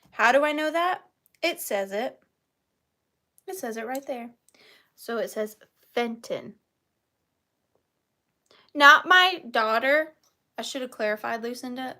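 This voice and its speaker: A woman with a sharp, high-pitched voice hosts a live online vintage sale. She chats casually, rambling along with playful wordplay.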